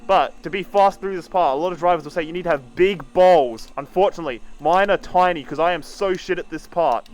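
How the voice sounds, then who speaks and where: A man's voice: on the high side, fairly quick, few pauses. A man streaming a racing game, casually talking through each corner as he drives and swearing now and then. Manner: casual, swears, talks while driving. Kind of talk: live sim-racing commentary.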